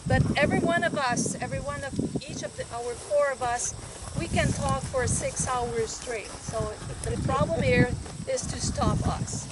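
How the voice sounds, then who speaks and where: A woman's voice: high voice, lively intonation, normal speed. A woman with a Quebec French accent, a native French speaker, giving a chatty outdoor field talk to farmers by a soil pit and often asking them questions. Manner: chatty, asks the crowd questions, invites interaction. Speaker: soil specialist presenter. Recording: loud outdoor noise, passing vehicles.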